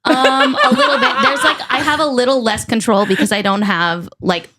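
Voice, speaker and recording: A woman guest on a podcast, casually telling a childhood story in a lively way, full of "like" fillers. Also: a little high, moderate pace, very noisy. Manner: animated, filler-heavy storytelling with frequent "like".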